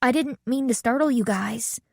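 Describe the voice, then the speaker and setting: A woman's voice: on the high side, vocal fry, darkish tone, no room sound, studio quality, pitched above the performer's own voice. A woman voicing an eager young teenage girl who gushes apologies in an audiobook. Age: child of 13 or 14 as played. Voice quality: rushed, gushing apologies.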